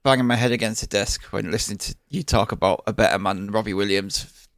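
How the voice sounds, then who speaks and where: A man with a Yorkshire accent chatting casually as a podcast co-host, relaxed and loose-tongued. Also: fairly low pitch, fast, no echo, studio quality. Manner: laid-back, swears casually. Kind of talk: casual chat.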